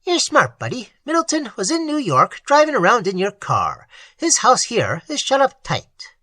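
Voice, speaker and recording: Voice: mid-range voice, wildly swooping pitch, normal speed, fairly bright tone, no room sound, voice pushed up. A narrator voicing a mysterious male gardener figure who talks in a folksy, coaxing and sly way. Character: eerie otherworldly male gardener.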